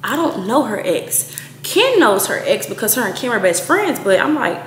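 A young woman in her twenties casually telling a profane story to camera, acting out quoted lines with big jumps in pitch. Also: animated, brisk. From Texas. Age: 20s. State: out of breath at times. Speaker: storytime vlogger. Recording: echoey room with faint noise.

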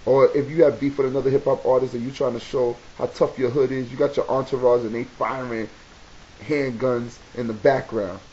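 A man with a New York accent giving a casual advice talk to camera, animated and preachy, repeating key points for emphasis. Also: mid-range voice, a little fast. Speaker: video blogger. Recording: dull lo-fi webcam audio with faint hiss.

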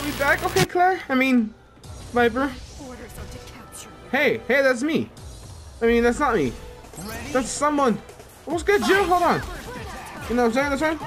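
A man giving casual, excitable commentary while playing a fighting game, gasping and laughing as he reacts. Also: very high-pitched. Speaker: let's player.

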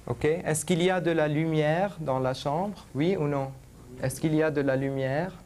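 A man's voice: on the high side, moderate pace, darkish tone, slight background noise. A man teaching a university French class, mixing English and French and checking in with his students.

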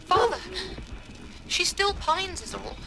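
Shy girl, very high, slow and soft, loud game noise. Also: very animated, creaky, full character voice. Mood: imploring. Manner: soft, imploring. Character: timid gentle young daughter.

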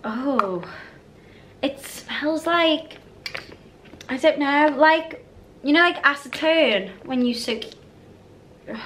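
A British woman chats through a casual haul vlog in a bright, forceful voice that sits a little high. She rambles freely and keeps drifting off topic. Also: slow, pauses often, a little hiss or hum. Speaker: vlogger.

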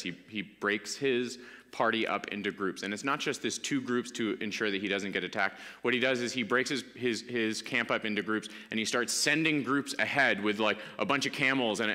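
A man preaching a sermon as pastor, talking in a casual, animated way with many fillers. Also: medium pitch, in a large hall. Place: church sanctuary.

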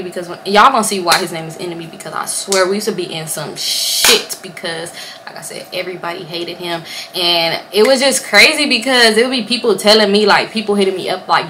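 Bright-voiced young woman telling a story. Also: mid-range voice, a little hiss or hum. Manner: animated, swearing, acts out quotes. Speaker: vlogger. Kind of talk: casual storytime. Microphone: camera or phone on a stand.

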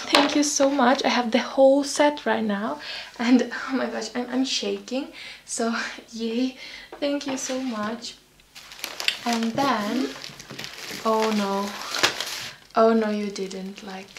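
A young woman vlogger unboxing gifts at home, gushing and excited, often restarting her sentences. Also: on the high side. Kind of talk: unboxing vlog. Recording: paper crinkling noise behind.

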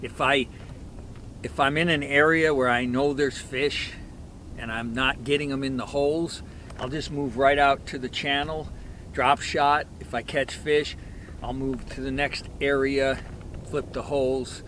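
Male fishing vlogger, unhurried, plain mid-range voice, action camera on a boat with water noise around him. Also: mid-range voice, fairly even intonation, fairly bright tone. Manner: slow, easygoing, talks to the fish. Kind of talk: casual on-the-water narration. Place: on a boat on a river.

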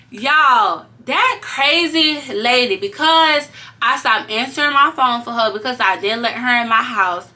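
Bright-voiced young woman telling a story. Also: fairly high pitch, unhurried. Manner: animated, swears freely, talks straight to viewers. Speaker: vlogger. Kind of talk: casual storytime.

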